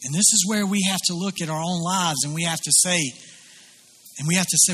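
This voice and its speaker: A man's voice: sits high, brisk, fairly bright tone, husky. A man preaching a sermon, retelling a biblical scene and voicing its people as he goes. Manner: storytelling with voiced quotes of biblical figures. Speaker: pastor.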